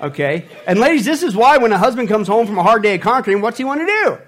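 A man's voice: high-pitched, quick pace. A man preaching a humorous sermon, acting out little scenes and voices. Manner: animated, acts out voices and scenes. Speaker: pastor.

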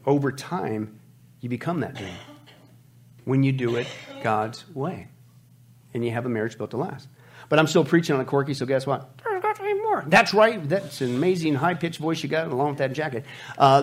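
A man's voice: mid-range voice, husky. A male pastor preaching a sermon, joking and whooping as he reads scripture aloud. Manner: animated, humorous, shouts whoops.

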